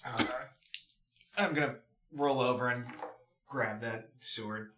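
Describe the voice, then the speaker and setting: A man playing in a tabletop game, eager and quick to act in casual play. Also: medium pitch, heavy background noise. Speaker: player.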